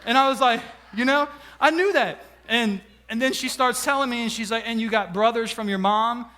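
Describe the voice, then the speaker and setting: A young male pastor, preaching a sermon and telling a personal story in an animated, filler-heavy way, closing in a softer, earnest voice. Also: extremely high pitch, moderate pace. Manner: animated storytelling, many fillers, quiet emphatic close. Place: church sanctuary.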